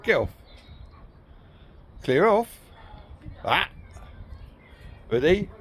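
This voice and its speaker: A man's voice: fairly high pitch, sing-song, very slow, husky. A man filming his dogs in a garden, teasing and cheering them on with a chatty, laughing manner. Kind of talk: casual talk to pets while filming. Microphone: handheld camera.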